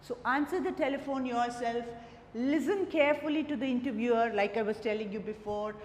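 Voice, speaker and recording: A woman's voice: a little high, a little fast, a little hiss or hum. A woman trainer giving earnest, step-by-step instructional advice to learners. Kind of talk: instructional talk. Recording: echoey room with long reverb, faint ambience.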